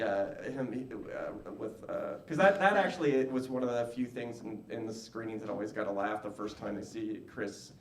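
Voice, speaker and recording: Rambling man on stage, echoey and distant. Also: mid-range voice. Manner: rambling, halting with many restarts. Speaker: film writer-director guest. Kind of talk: casual panel Q&A. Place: live screening venue with audience. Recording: echoey venue audio from afar.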